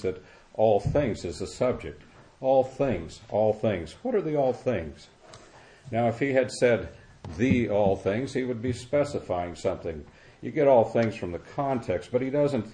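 Older male preacher, low and mellow, unhurried expository sermon. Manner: slow, repetitive expository preaching with pauses.

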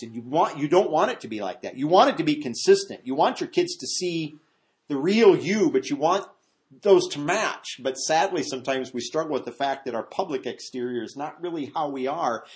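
Animated male pastor preaching a sermon. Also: fairly high pitch. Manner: animated, swings from loud exclamations to hushed asides; acts out voices of people in his stories. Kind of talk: expository sermon.

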